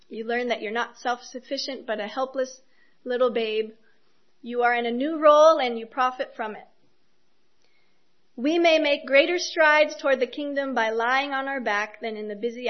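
A woman giving a sermon in an earnest, personal way, with soft laughs as she speaks. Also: sits high, lo-fi sound. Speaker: speaker giving a devotional talk.

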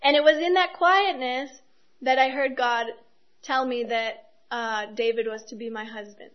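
A woman giving a sermon in an earnest, personal way, with soft laughs as she speaks. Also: sits high, fairly even intonation, a little slow, highs cut off. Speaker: speaker giving a devotional talk.

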